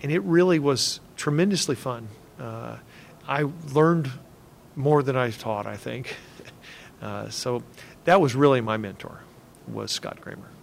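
Gravelly older man reminiscing. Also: medium pitch, unhurried, slight background noise. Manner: relaxed anecdotal telling with soft laughs. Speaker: interviewee, former engineer. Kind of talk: reflective storytelling interview.

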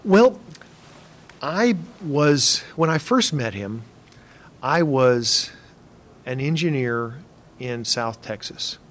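An older man with a gravelly voice, telling stories from his engineering career in a relaxed interview. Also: medium pitch, slow, pauses often. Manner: relaxed anecdotal telling with soft laughs. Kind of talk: reflective storytelling interview.

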